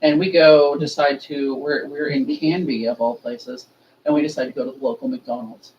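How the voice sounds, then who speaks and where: A woman's voice: sits low, normal speed. A woman leading a remembrance ritual, telling stories casually and acting out the voices of the people in them. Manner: animated, acts out quoted voices, laughs often. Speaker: ritual leader and storyteller. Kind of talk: casual storytelling. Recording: dull distant audio with faint noise.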